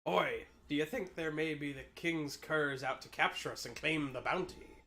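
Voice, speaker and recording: A man voicing a hearty male pirate sailor with a slow, drawling growl. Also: fairly high pitch, bright, forceful tone. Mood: scheming.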